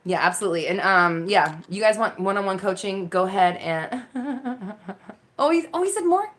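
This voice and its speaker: A woman hosting a live Q&A stream, talking casually into her phone. Her voice is bright and forceful, and it swings up and down a lot. She laughs often and swears freely as she reacts to comments. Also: mid-range voice, expressive, normal speed. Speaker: live Q&A host, mindset coach.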